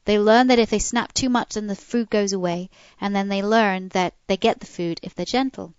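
A woman dog trainer co-hosting a podcast, explaining training tips in an animated, hands-on way with soft coaxing cues. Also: mid-range voice, moderate pace, clear, resonant tone, no room sound, dull audio. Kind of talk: casual advice chat.

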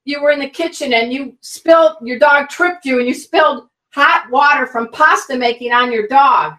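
A woman who teaches pet first aid, giving energetic, folksy, hands-on instructions as a guest expert. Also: sits high, moderate pace, distant mic. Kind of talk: guest expert in an online interview. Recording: roomy, a bit off-mic.

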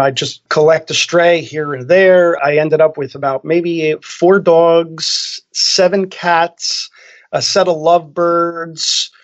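A middle-aged man from New Jersey, a dog groomer chatting casually on a podcast and telling stories about his childhood. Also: on the high side. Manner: storytelling, laughs while talking. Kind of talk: casual chat. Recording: dull lo-fi sound.

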